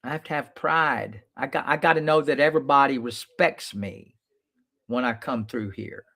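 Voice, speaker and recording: With a sharp, mid-range voice marked by vocal fry, this man talks at a moderate pace. He hosts his own show as a lawyer, speaking to viewers casually and bluntly with plenty of swearing, telling stories and acting out his own earlier words.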